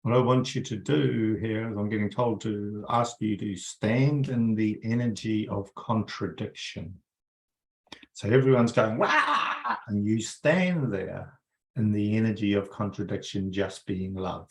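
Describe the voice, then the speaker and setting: A man with a mid-range voice guides a group through an energy-healing meditation. He coaxes softly, repeats himself, and uses many fillers.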